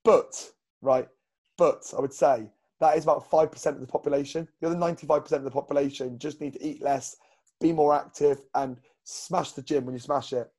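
A man's voice: on the high side, steady tone, a little fast, warm tone. A man co-hosting a casual fitness podcast as a coach, blunt and rambling with lots of fillers.

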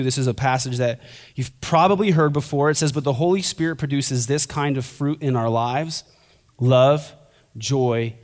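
A young man preaching a sermon as a pastor, conversational and joking, then building to fervent intensity. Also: mid-range voice.

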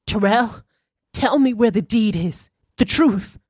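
A woman reading the part of a frightened, defiant woman caught in a séance, her voice tense and pitched up in pleading. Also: sing-song, moderate pace, a little mellow, breathy edge, no echo, clean studio sound. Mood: desperate.

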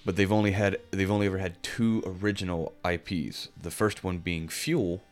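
A man's voice: sits low, normal speed. A man co-hosting a casual video game podcast, rambling with lots of fillers. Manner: relaxed, rambling, frequent fillers. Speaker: podcast co-host. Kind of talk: casual chat.

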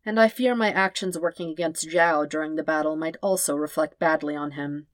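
A woman's voice: deep voice, steady tone, fairly quick, no room sound, natural voice. Woman voicing a grave, weary old man. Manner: formal, grave, quiet. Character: gentle weary old man, soft-spoken and formal.

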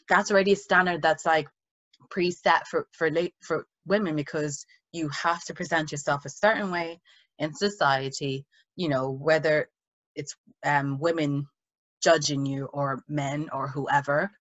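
A woman's voice: low-pitched, steady tone, measured pace, no room sound. A young woman from Ireland with a mixed Irish accent that has American touches. She chats casually and acts out the people she quotes. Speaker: guest, actress. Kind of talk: casual conversation. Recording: muffled dull sound.

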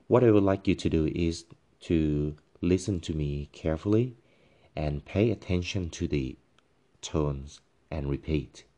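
A male language teacher patiently explaining tones, halting with frequent fillers and demonstrating each tone by voicing syllables and musical notes. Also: very deep voice, mellow. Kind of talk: tone pronunciation lesson.

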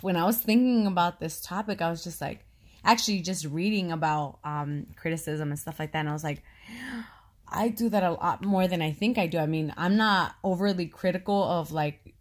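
Chatty woman with a lowish voice. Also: normal speed. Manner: chatty, laughs often, talks a lot. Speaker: podcast co-host. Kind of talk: casual conversation.

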